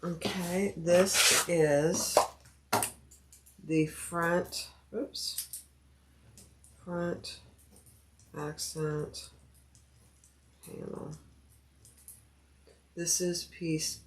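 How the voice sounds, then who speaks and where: A woman with a fairly low, steady voice speaks very slowly with frequent pauses, and a little hiss or hum can be heard. She's hosting a sewing livestream, casually chatting and thinking aloud while cutting fabric pieces and greeting viewers by name.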